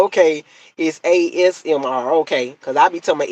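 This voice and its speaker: A woman's voice: deep voice, fairly quick, a little mellow, dry recording. A middle-aged woman chatting casually to her live-stream viewers, repeating herself and laughing easily. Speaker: live-stream content creator.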